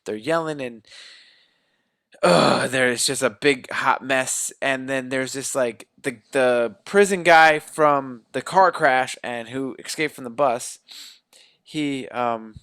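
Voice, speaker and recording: Smooth-voiced man recapping a movie. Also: mid-range voice, slow, a bit bright, no room sound, clean studio sound. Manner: rambling plot recap, cursing, laughing. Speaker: podcast co-host. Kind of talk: casual movie review chat.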